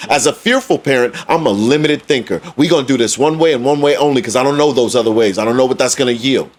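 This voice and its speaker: A man's voice: medium pitch, fast talker. A man co-hosting a podcast in casual discussion, emphatic and repetitive for effect. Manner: emphatic, preachy, repeats phrases for effect. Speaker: podcast co-host.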